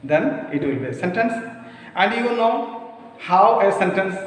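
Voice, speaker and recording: A man's voice: high voice, expressive. A man with an Indian English accent teaching a grammar lesson, stressing words one at a time. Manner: slow, emphatic, spells out words one at a time. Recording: echoey room, voice far from the mic.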